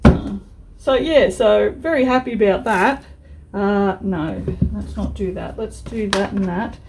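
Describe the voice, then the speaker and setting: A woman's voice: mid-range voice, unhurried, background noise. A woman vlogger chatting frankly while she works on a craft project, with mild swearing and many restarts. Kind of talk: casual chat while crafting.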